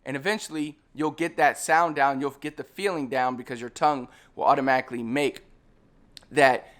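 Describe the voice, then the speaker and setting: A man teaching a casual spoken lesson, repeating drill sounds slowly and coaching the viewer. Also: medium pitch, steady tone, fairly bright tone. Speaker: language teacher.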